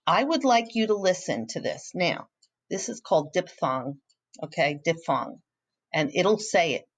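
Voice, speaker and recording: Slow, low-voiced woman teacher. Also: big pitch swings. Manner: patient, encouraging, praises pupils often. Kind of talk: recorded phonics lesson walkthrough.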